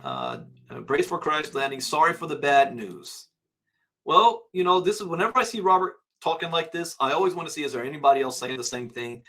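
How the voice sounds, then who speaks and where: A man hosting a crypto channel, casually reading out prices and headlines and musing aloud with quick asides. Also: a little high, sing-song, bright, forceful tone.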